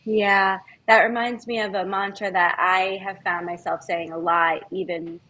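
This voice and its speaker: A woman guest on a podcast, speaking in an earnest, heartfelt, measured way in casual conversation. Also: mid-range voice, little pitch movement, sharp tone, poor audio.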